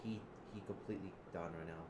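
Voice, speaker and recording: Man, improvised role-play, halting and repetitive, loud excited bursts, low voice, noisy background. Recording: echoey room with background noise.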